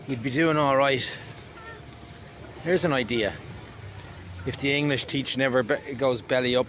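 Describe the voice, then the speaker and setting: An Irish man with an Irish accent vlogs outdoors in a mid-range voice, with a little background noise. He talks casually to the camera in a wry, rambling monologue.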